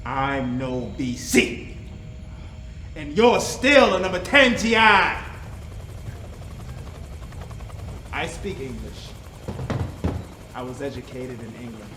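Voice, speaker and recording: A man's voice: medium pitch, big pitch swings, slow, long pauses, echoey room, noisy background. A man playing a defiant prisoner of war. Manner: defiant, accusing, argumentative. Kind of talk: indie film drama.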